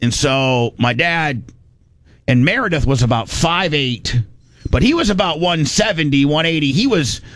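A man's voice: on the high side, animated, moderate pace, a bit bright, dry recording. A middle-aged man from Indiana telling a rambling, folksy story in casual podcast chat. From Indiana, USA. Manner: rambling, folksy, with many restarts.

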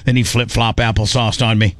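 A man's voice: lowish voice, level tone, fairly quick, dry recording. Rambling, stammering male radio host. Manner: rambling, stammering restarts, emotional. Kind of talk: casual talk radio banter. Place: radio studio. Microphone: studio microphone.

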